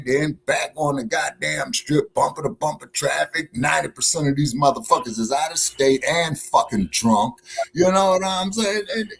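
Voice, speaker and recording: A man co-hosting a casual online chat show, telling profane, animated stories about his delivery work. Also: a little high, creaky, slightly rough. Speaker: co-host.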